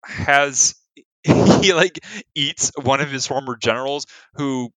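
A man's voice: mid-range voice, slow pace, fairly bright tone, dry recording. A young adult man chatting casually about a movie, enthusiastic and laughing often as he talks. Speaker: podcast co-host. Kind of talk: casual movie review chat.

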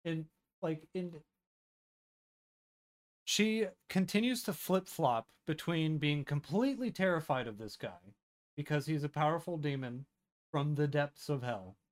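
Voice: mid-range voice, lively intonation, a little slow. Blunt, sardonic podcast co-host. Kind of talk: casual book-club chat.

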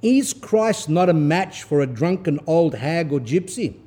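A man giving a sermon, reading a text aloud in a stern, forceful way and stopping to explain it in asides. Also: a little high, animated, unhurried, slightly rough. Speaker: Orthodox priest giving a talk.

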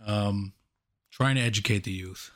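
A man's voice: lowish voice, a little slow, fairly bright tone. A young man co-hosting a podcast in a joking, teasing casual chat. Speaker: podcast co-host.

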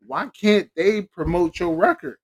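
A man hosts a laid-back podcast conversation, joking around and laughing often. His voice sits a bit high for a man. English is not his first language. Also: expressive, unhurried. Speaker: podcast host. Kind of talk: casual interview chat.

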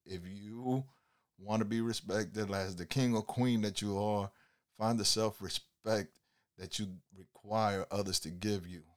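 He speaks at a measured pace with a fairly low pitch and steady tone. A driver entertaining his passenger with stories, he preaches about life in an easygoing manner, leaning on "you know" over and over.

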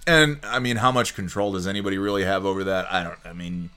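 A man's voice: deep voice, fairly even intonation, fast talker, sharp tone, clear, resonant tone, soft background music. A man hosting a casual solo sports talk show, rambling and joking with many fillers and restarts. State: sleepy, yawning. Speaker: sports podcast host.

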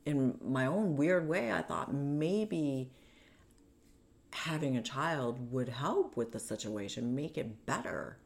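Very low, gravelly-voiced woman. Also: lively intonation, takes it slowly. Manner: candid, retelling past conversations. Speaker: interview guest. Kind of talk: personal story in a sit-down interview.

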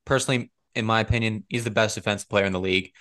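A young man hosting a casual sports chat, animated and argumentative. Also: on the low side, racing. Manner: animated and argumentative, leading the rundown. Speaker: podcast host.

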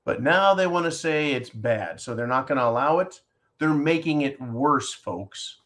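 A man hosting a talk show, reading a listener's question and then ranting at length in a sarcastic, animated way, often calling his listeners "folks". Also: medium pitch, measured pace. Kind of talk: casual opinion talk show.

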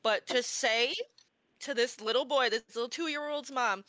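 A woman telling a story in casual chat, animated and profane, acting out quotes. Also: fairly high pitch, measured pace, no echo.

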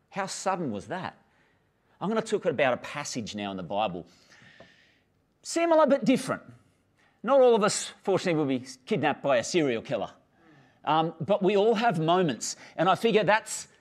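A man preaching a sermon in a church, telling stories with acted-out dialogue and inviting the congregation to join in. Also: medium pitch. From Australia. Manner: animated storytelling, acts out dialogue, laughs easily. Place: church hall with live congregation and online stream.

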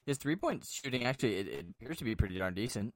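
A man's voice: medium pitch, animated, fast, dry recording, studio quality. A man hosting a casual sports podcast, playfully needling his co-host in a mock-formal way.

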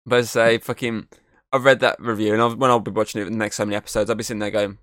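A man hosts a laid-back podcast, talking in long, rambling stretches peppered with swearing and easy laughter. His voice sits a little low, and the sound is close and dry on a headset mic. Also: level tone, racing, fairly bright tone, dry recording. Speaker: podcast host. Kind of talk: casual chat.

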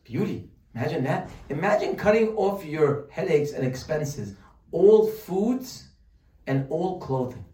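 A man giving a humorous religious lesson, animated and joking, full of rhetorical questions. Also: fairly high pitch, unhurried. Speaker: Torah teacher. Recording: roomy sound from a distant mic.

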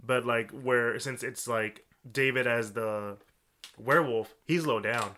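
A man co-hosting a podcast, discussing a film in casual chat, halting and restarting as he searches for words. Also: mid-range voice, sharp tone. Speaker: podcast co-host.

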